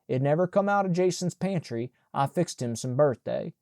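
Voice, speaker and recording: A man's voice: fairly high pitch, animated, normal speed, gravelly, mellow, no room sound, clean studio sound. A man voicing an elderly woman housekeeper who scolds and soothes in a Southern dialect. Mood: scolding.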